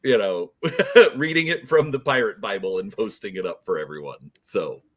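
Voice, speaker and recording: A man chatting casually in a lively way, laughing often. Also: on the low side, normal speed, husky. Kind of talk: casual chat.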